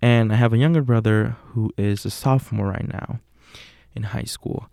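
A young man with a Puerto Rican accent hosting a podcast, talking in an unhurried, casual way with many fillers and self-corrections. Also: medium pitch, fairly even intonation, vocal fry, mellow, no echo, studio quality. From Puerto Rico. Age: young adult. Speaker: podcast host.

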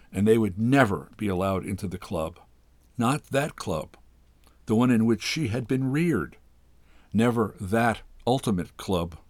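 A man hosting a program where he reads a literary short story aloud, in unhurried, measured narration. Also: lowish voice, a little mellow, no echo. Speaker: host reading stories aloud.

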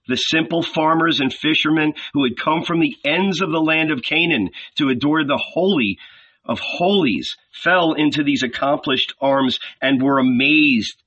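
A man reading a novel aloud, slow and measured, with a bright but husky tone. He pauses often between phrases, and the recording sounds dull and lo-fi. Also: mid-range voice. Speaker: audiobook reader. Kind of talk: scripted literary narration.

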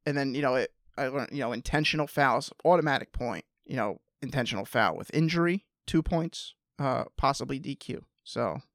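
A man's voice: medium pitch, normal speed, creaky, hardly any pauses, a bit bright, no room sound. Man, podcast co-host, casual chat, mid-range voice, dry recording. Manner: conversational, agreeable, stumbles on words.

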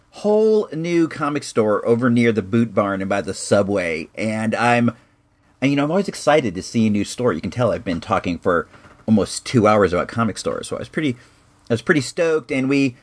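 Rambling middle-aged man telling a story. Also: mid-range voice. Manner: rambling, frequent restarts and fillers. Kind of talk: casual storytelling monologue.

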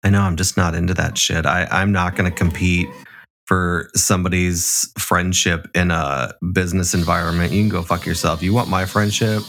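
A man's voice: low voice, fairly even intonation, moderate pace, fairly bright tone, a little hiss or hum. A man co-hosting a casual chat podcast, laid-back, swearing freely and laughing often. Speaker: podcast co-host.

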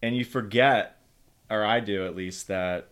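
A man's voice: on the low side, unhurried, a bit bright. A man who is a guest on a talk show, a father of three, speaking in a candid, reflective way and swearing casually. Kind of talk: casual conversation.

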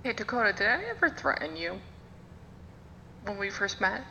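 A woman's voice: mid-range voice, sing-song, normal speed, pushed and bright. A woman co-hosting a podcast in casual chat, blunt and jokey, laughing often, on a lo-fi recording with reverb. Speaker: podcast co-host. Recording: lo-fi with hall reverb, faint hum.

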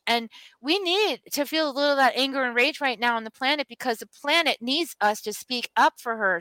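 A middle-aged woman speaks as a guest, passionate and rousing, hammering points home by repeating words. Her voice is bright and forceful with a fairly high pitch, recorded dry with no room around it. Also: no echo, rough recording. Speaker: guest, medicine woman and mentor. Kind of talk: passionate storytelling in conversation.

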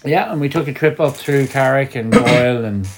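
A man's voice: medium pitch, moderate pace, faint music behind. An Irish man telling stories in casual chat, rambling, swearing freely and laughing often.

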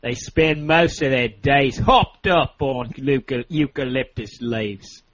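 A man putting on a slow, solemn nature narrator. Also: mid-range voice, a bit bright, dull audio. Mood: mock solemn. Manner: slow, drawn-out, mock-serious delivery. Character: male nature documentary narrator, hushed, solemn.

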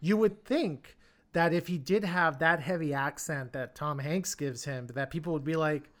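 A man co-hosting a casual podcast chat, hesitant, with many fillers and quick restarts. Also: fairly high pitch, fairly bright tone. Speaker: podcast co-host.

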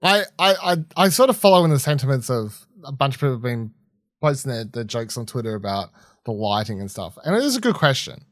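A man's voice: medium pitch, very animated, fast talker, dry recording, clean studio sound. A man co-hosting a film podcast, talking bluntly and animatedly and swearing freely. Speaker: podcast co-host. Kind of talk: casual film chat.

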